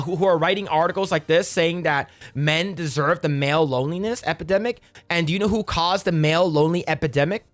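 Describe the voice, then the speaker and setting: A young man rants through casual commentary, cursing and getting heated as he goes. His voice sits a little high for a man. Faint music runs quietly behind him. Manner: profane, ranting, animated.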